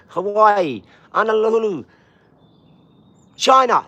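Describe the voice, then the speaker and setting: An English man hosting a live stream, reading out where his viewers are from and greeting each one in quick, energetic bursts. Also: high-pitched. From England. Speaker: livestream host.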